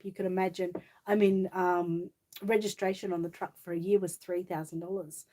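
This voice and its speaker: A woman's voice: medium pitch, a little mellow. An Australian woman hosting a casual livestream, reading viewer comments aloud and answering them in a chatty, friendly way. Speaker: livestream host.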